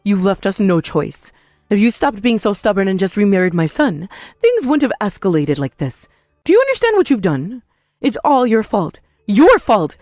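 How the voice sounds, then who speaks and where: A woman voicing a scheming middle-aged ex-mother-in-law in a text-message story drama, defensive and quick to blame others. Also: medium pitch, very animated, a little mellow, no room sound, natural voice. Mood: blaming.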